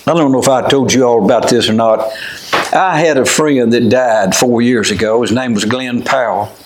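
An older man with a drawl preaches in a folksy, unhurried way, mixing old-fashioned scripture wording with plain talk. His voice sits at an ordinary middle pitch. The room around him rings with echo. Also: background noise. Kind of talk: folksy sermon with storytelling. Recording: echoey room.

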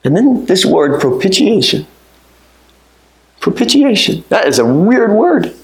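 A man preaching a sermon, swinging from low, measured teaching to high, urgent pleading. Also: sing-song. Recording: roomy echo.

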